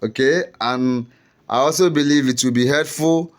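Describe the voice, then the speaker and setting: A man's voice: mid-range voice, moderate pace. A young man tutoring exam students in a casual, repetitive way, often checking in with "you understand?".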